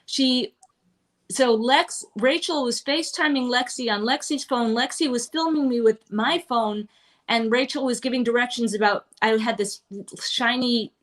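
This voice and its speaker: A guest performer, a middle-aged woman from Manhattan, New York, talks at normal speed in a voice on the high side. Her casual interview chat, live-streamed from a restaurant, rambles along with many fillers and asides.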